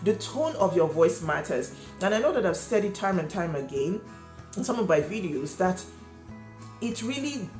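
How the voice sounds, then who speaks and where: A woman's voice: lowish voice, darkish tone. A woman running a cake business, giving emphatic advice to viewers, repeating key points and asking them questions. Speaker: cake business owner and channel host. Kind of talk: instructional vlog talk. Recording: echoey room with faint music.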